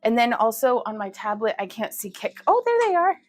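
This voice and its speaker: A woman's voice: fairly high pitch, sing-song, brisk, no room sound, soft background music. A woman hosting a casual livestream, chatty and giggly, often laughing at herself. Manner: giggly, chatty, self-deprecating. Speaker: livestream host.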